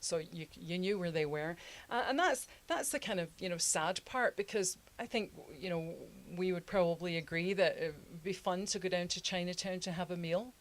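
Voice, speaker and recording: A woman's voice: on the low side, moderate pace. A woman co-hosting a history podcast, talking casually with laughing asides and many fillers. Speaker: podcast co-host.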